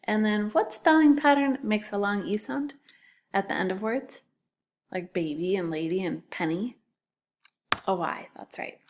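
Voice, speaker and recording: Unhurried woman teacher, patient, breaks words into syllables for young spellers. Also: medium pitch, slight background noise. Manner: slow, patient, sounding out syllables. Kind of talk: spelling lesson for children.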